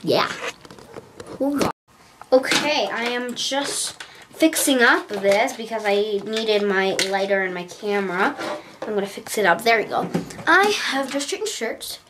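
A woman's voice: on the high side, expressive, unhurried, noisy background. A young woman vlogging from inside a parked car, talking casually, gushing and rambling, into a handheld compact camera. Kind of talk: casual vlog chat.

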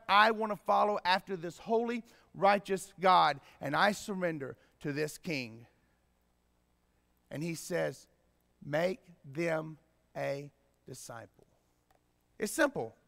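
A man preaching a sermon as pastor, swinging from quiet explaining to loud emphatic bursts. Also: sits high. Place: church sanctuary. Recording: long reverb in a church hall.

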